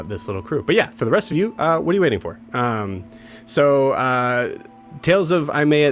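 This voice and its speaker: A man hosting a game stream, casually announcing campaigns and rambling with many filler words and restarts. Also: mid-range voice. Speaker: game master and show host.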